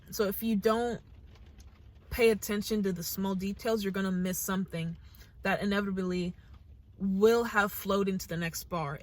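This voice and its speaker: A young American woman hosting a reaction channel, talking to camera in a casual, earnest, gushing way and thinking aloud with restarts. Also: medium pitch. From United States.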